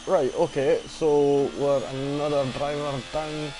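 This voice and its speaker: A man's voice: a little high, fairly even intonation, normal speed, hardly any pauses, noisy background. A young Scottish man giving casual, swearing live commentary on a sim racing league stream and chatting with viewers. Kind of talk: live esports race commentary.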